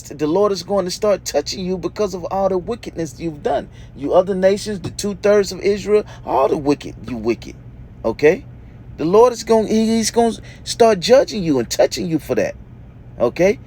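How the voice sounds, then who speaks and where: A man with a high-sitting, darkish voice teaches a sermon against a little hiss or hum. Reading the verses out loud, he then explains them with emphasis, frequently asking "okay?" after nearly every point.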